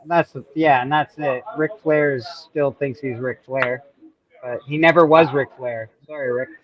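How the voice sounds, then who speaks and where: A man's voice: mid-range voice, fairly even intonation, a little slow. Blunt man on a dull lo-fi mic. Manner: blunt, says "bro" often. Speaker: podcast co-host. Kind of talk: casual chat. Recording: dull lo-fi sound.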